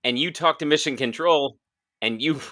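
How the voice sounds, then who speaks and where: A man's voice: a little high, moderate pace, bright, forceful tone. A man co-hosting a casual sports podcast, cracking jokes in a laid-back way. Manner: wisecracking, laid-back joker. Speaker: podcast co-host. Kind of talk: casual chat.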